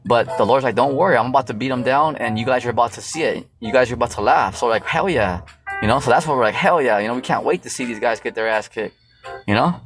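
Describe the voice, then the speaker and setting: A man preaches from scripture in a loose, street-level way, peppering every thought with "you know" and swearing freely. His voice sits at an ordinary pitch. Faint music plays underneath. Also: quick pace. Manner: loose and profane, full of fillers and "you know". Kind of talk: casual Bible teaching.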